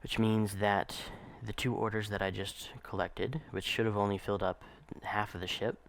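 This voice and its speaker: A man casually narrating a gameplay walkthrough in a relaxed, explanatory way, with frequent ums and uhs. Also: on the low side, normal speed, gravelly, dry recording.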